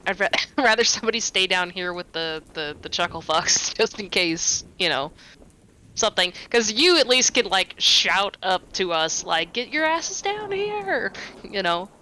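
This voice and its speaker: A woman's voice: lowish voice, moderate pace, bright, forceful tone, clean tone, poor audio. Playful laughing woman player. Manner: laughing, playful, swears casually. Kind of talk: casual tabletop game chat.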